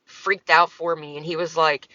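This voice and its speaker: A woman's voice: deep voice, level tone, moderate pace, sharp tone, dry recording, muffled recording. A woman talking casually on her livestream, answering comments in a profane, exasperated, rambling way.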